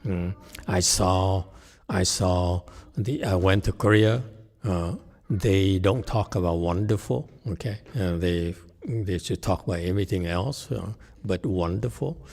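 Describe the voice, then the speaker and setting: Man, Buddhist teacher, lecture, halting restarts, slow unhurried delivery, somewhat low voice, long hall reverb. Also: gravelly, a little mellow. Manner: halting, many restarts, rhetorical "okay?". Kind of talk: Dharma lecture answering questions.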